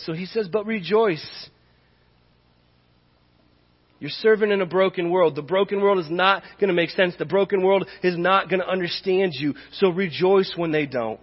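This pastor's voice sits high as he preaches at a moderate pace with few pauses, conversational yet impassioned and building to emphatic peaks. The sermon comes from a church sanctuary, captured with a dull, reverberant hall sound.

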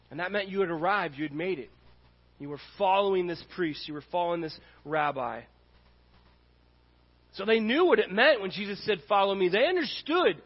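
A man's voice: sits high, lively intonation, moderate pace, slightly rough. A man preaching a sermon as pastor, earnest and repetitive in his cadence. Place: church sanctuary. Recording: dull audio in a reverberant hall.

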